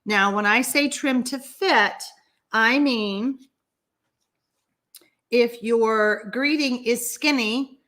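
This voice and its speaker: Woman, live-stream host, unhurried and higher-pitched, playful and chatty. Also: a bit bright. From Texas. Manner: chatty, teasing, reads out viewer comments. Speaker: livestream host of a card-making session. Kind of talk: casual live-stream chat.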